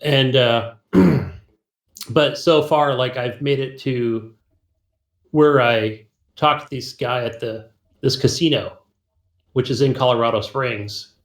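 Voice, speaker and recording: A man's voice: mid-range voice, slow, long pauses, echoey room. A man co-hosting a podcast, telling a rambling, laughing story about a video game and acting out its dialogue. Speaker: podcast co-host. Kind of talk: casual gaming chat.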